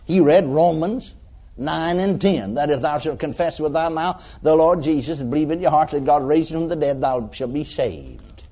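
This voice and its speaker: A male preacher telling a story from the pulpit in a folksy, animated manner. His voice sits a little high and rises and falls freely as he acts out the scene. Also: moderate pace. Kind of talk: storytelling sermon.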